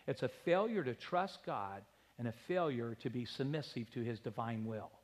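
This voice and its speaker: A middle-aged man preaching in a church sanctuary, his voice riding high and swinging widely in pitch. He acts out the people he quotes. Long reverb trails after each phrase. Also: fairly bright tone. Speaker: pastor. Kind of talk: sermon.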